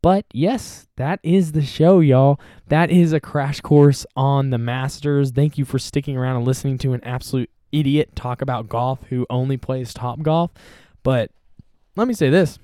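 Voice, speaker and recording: A man's voice: medium pitch, moderate pace, dark tone, no echo, clean studio sound. A young man hosting a casual solo podcast, rambling and self-deprecating as he chats. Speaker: podcast host.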